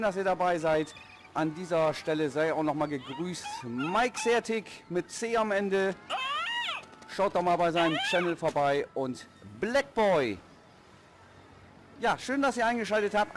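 A man's voice: sits high, animated, measured pace, background noise. A German-accented man casually commenting on a game for his viewers, friendly and chatty. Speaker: gaming streamer. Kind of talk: casual let's-play commentary. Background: game music.

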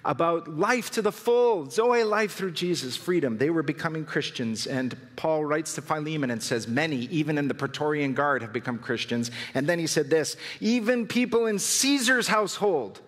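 A man's voice: on the high side, normal speed, hardly any pauses, a bit bright. A man preaching a sermon as pastor, telling stories and rising to fervent emphasis. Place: church hall. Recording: long hall reverb.

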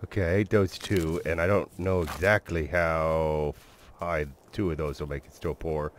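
A man giving excitable let's-play commentary as a gaming channel host, swearing mildly and talking to his viewers and the creatures he tames. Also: rumbling low, a little slow, slight background noise.

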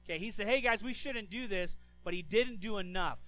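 A male pastor with a high, bright voice delivers an animated sermon. He stammers through quick restarts and throws himself into the voices of the figures he describes. Faint music plays underneath. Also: low-quality recording.

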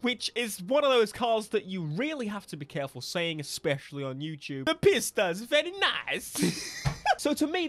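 A young man giving casual, excitable gameplay commentary and laughing often. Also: high voice. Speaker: gaming video creator.

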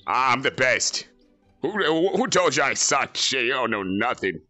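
Male actor as a brash, foul-mouthed villain, bright tone, boasting. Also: mid-range voice, sing-song, a little slow, soft background music. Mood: cocky. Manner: boastful, crude, joking. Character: cocky arrogant male android villain, gamer. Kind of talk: fan parody voice acting.

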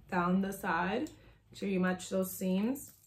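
A woman in her thirties with a sore, strained throat, chatting casually through a home sewing tutorial with lots of "um"s and side stories. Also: medium pitch. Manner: chatty and rambling, many "um"s and asides. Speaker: sewing pattern designer demonstrating a project. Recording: echoey room.

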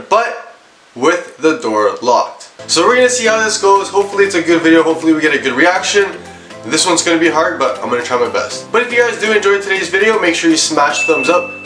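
Young man hosting, echoey room. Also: fairly high pitch. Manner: hyped, calls to viewers. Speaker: prank channel host. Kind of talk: casual prank vlog. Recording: echoey room, mic at a distance.

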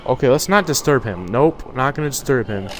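A man's voice: mid-range voice, expressive, brisk, noisy background. A young man giving jokey, swearing commentary while playing a horror game and talking back to its figures. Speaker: gaming YouTuber.

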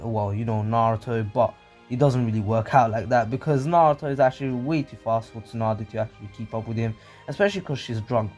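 A man's voice: medium pitch, a little mellow. A man casually narrating a fan story, rambling with many fillers and restarts. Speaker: anime channel narrator.

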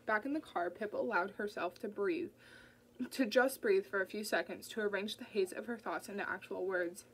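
Woman, audiobook narrator, steady storytelling, mid-pitched voice. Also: moderate pace, low-quality recording.

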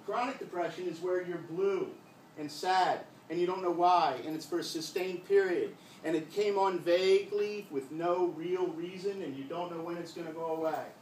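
An older male comedian telling a story on a live stage, with deadpan punchlines. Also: sits high, moderate pace, slight background noise. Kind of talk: live one-man stage comedy monologue. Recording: echoey live room from far off.

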